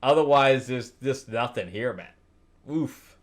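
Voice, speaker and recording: A man hosting a comic book review show, talking casually, bluntly exasperated, laughing often and swinging from low mutters to loud disbelief. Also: measured pace. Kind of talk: casual spoken review commentary.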